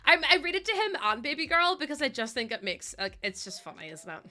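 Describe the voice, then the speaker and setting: A woman's voice: sits high, very animated, fast, bright, forceful tone. A woman streaming a game in a casual, rambling chat. She giggles often, says um a lot, and coos in baby talk to her dog. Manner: chatty and giggly, rambling with many ums.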